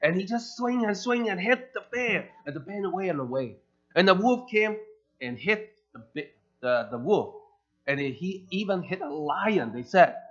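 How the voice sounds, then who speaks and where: Animated preacher man in a church. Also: high-pitched. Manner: animated, acts out quoted characters. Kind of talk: sermon storytelling. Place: church sanctuary. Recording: dull lo-fi church recording with faint music.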